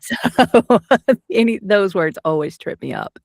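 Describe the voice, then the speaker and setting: A woman's voice: mid-range voice, lively intonation, takes it slowly, gravelly, darkish tone, dry recording, studio quality. A woman from Alabama with a light, toned-down Southern accent, chatting in an interview as an audiobook narrator, rambling with lots of fillers. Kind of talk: casual interview.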